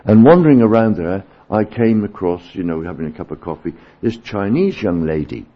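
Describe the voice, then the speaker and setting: Husky low-voiced preacher, lo-fi. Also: male voice, lively intonation, moderate pace. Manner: earnest, rises to emphatic peaks then drops low and quiet. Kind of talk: sermon. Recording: dull lo-fi sermon recording.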